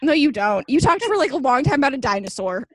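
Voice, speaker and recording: Young co-host, rambling and teasing, heavy on fillers; dry, close recording. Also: female voice, high-pitched, big pitch swings, fast talker, no room sound. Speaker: podcast co-host. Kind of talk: casual chat.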